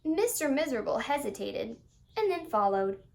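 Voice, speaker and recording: A woman reads a children's story aloud, her voice high and full of swooping, singsong expression. She leans into repetitions and delights in every word. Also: big pitch swings, normal speed, vocal fry, a little mellow.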